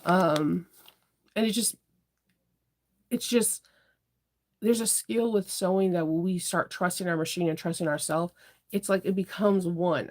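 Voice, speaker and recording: A woman's voice: lowish voice, darkish tone. Chatty, rambling woman sewing livestreamer. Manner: chatty, rambling, laughs often. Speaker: livestream host, sewing shop owner. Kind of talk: casual livestream chat.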